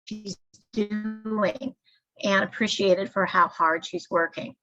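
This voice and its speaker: A woman giving a measured, explanatory staff training lecture. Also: medium pitch, steady tone, bright, forceful tone, faint music behind. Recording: dull lo-fi recording.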